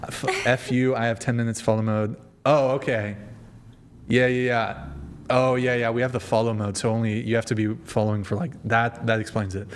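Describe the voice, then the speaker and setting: A man's voice: mid-range voice, little pitch movement, normal speed. Rambling, foul-mouthed male stream host. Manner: rambling, profane, talks straight to the chat. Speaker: podcast host. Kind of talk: casual livestream chat.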